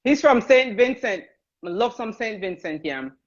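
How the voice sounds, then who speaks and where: A woman's voice: a little high, animated, unhurried. A woman from Jamaica with a Jamaican accent, chatting casually and laughing while she cooks on a livestream, greeting viewers by name. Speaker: cooking livestream host. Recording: dull lo-fi livestream audio.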